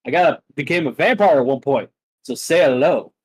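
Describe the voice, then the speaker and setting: A man voicing a brash, cocky monkey king warrior who shouts taunts in a higher, louder voice. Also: animated, fairly quick, husky, no room sound, rough recording. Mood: taunting.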